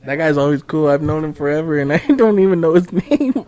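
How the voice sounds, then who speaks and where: Casting: man, podcast co-host, casual banter, quick to laugh, cusses freely. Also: on the high side, lively intonation, dark tone. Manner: laughs often, swears freely.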